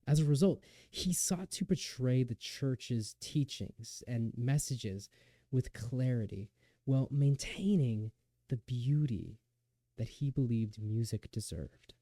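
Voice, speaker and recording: A young man narrating a lecture recital in an earnest, measured way, with occasional restarts. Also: medium pitch, warm tone, no echo. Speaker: student lecturer.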